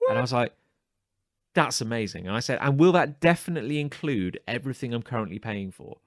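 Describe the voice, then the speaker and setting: Animated storytelling man, dry close sound. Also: mid-range voice, fast, few pauses, no echo. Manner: animated storyteller acting out quoted exchanges; stammers and restarts when building up a story. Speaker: podcast co-host. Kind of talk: casual chat.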